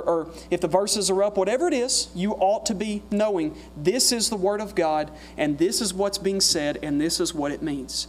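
A man preaching a sermon in a church, repeating his phrases and climbing higher and louder as he presses his points. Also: a little hiss or hum. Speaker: guest preacher.

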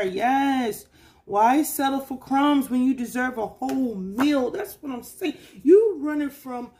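A tarot reader speaks straight to the listener in a relaxed, street-casual reading. The voice is warm and mellow, and the talk loops and repeats itself as it coaxes and urges. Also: mid-range voice. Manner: loose, repetitive, coaxing, street-casual.

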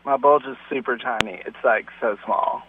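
A man's voice: mid-range voice, moderate pace, phone-quality sound, slight background noise. Flustered, laughing man on speakerphone. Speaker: prank call target. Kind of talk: phone call. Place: in a car, driving. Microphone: phone on speakerphone.

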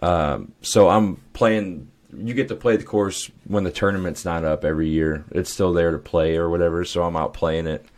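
A man's voice: low-pitched, steady tone, moderate pace, hardly any pauses, darkish tone. A young adult man co-hosting a podcast, telling loose stories with laughs and swearing. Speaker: podcast co-host. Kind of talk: casual chat.

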